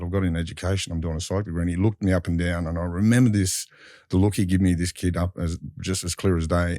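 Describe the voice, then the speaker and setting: An Australian man with a deep, mellow voice recounts his past in a candid interview. He rambles through his story with restarts and colloquial turns of phrase, often acting out what others said. The sound is dry and close. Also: no echo. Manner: rambling with frequent restarts and fillers; colloquial, acts out others in dialogue. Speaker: guest telling his life story.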